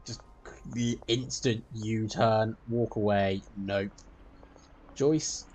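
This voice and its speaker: A man's voice: on the low side, steady tone, drawn-out words, a little mellow, slight background noise. A man giving a running let's play commentary and chatting to the characters in the game. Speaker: gameplay streamer. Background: game music.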